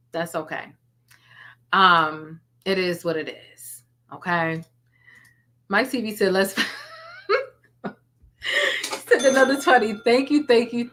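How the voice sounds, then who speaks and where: A woman's voice: mid-range voice, sharp tone. A woman hosting a casual live stream, chatting and thanking viewers by name, laughing and teasing often. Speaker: YouTube livestream host.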